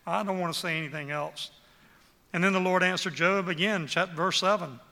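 A man's voice: sits high, fairly quick, vocal fry, bright, forceful tone, long reverb tail. A man preaching a sermon with emphatic, rhetorical questions.

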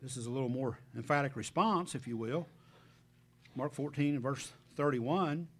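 Earnest and conversational, a male preacher with a mid-range voice addresses his congregation directly at a normal speed. He reads scripture and pauses between passages for reflective asides.

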